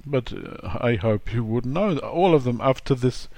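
A man's voice: mid-range voice, animated, unhurried, a little mellow, no room sound. A man giving a chatty, playful grammar lesson, acting out example sentences. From England. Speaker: English teacher.

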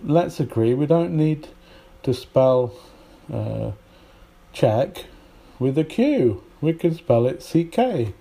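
A man teaching at an unhurried pace, his voice mellow and warm. He explains patiently and illustrates each point with spoken examples. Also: a little high, big pitch swings, gravelly. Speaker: English teacher.

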